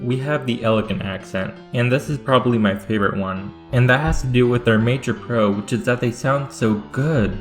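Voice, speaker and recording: A man doing deadpan, mock-serious scripted satirical narration as a comedic history YouTuber. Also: on the low side. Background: faint guitar music.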